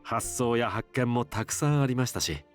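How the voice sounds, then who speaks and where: An actor voicing a reserved, polite older man in a visual novel game, speaking softly. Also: medium pitch, quick pace, faint music behind, close to an everyday voice. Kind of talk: game voice acting.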